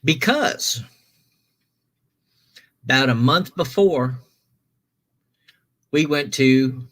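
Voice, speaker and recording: A man's voice: mid-range voice, expressive, extremely slow, fairly bright tone. A man hosting a stream, telling a long story casually, rambling with many restarts and self-corrections.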